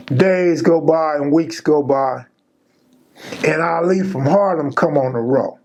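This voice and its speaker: A man's voice: on the high side, takes it slowly, a little mellow. Laid-back slangy man telling stories. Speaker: channel host and storyteller. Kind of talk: casual true-story storytelling.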